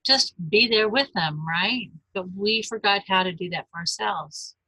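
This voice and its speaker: Woman, 50s, life coach, webinar talk, gentle, earnest, bright voice, dry close sound. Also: mid-range voice, a little slow, no echo, rough recording. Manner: gentle, earnest, speaks straight to the listener.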